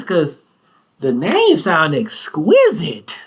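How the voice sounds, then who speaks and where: Husky, animated storytelling man. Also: slow pace. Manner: animated, shrieking up into high disbelief. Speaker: comedy podcast host. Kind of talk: comedic storytelling.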